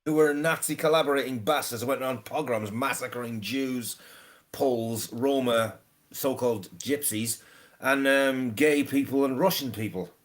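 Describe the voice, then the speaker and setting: A man's voice: medium pitch, normal speed. Sweary stammering man ranting. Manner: swears freely, stammers and repeats words. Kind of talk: casual ranting chat.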